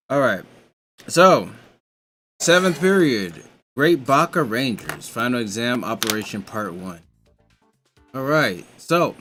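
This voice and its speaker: A man's voice: medium pitch, fairly bright tone. A man casually reading a comic aloud, stumbling through names and cursing as he adds his own comments. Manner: reads on the fly, stumbles, swears. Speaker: reader of a manga aloud.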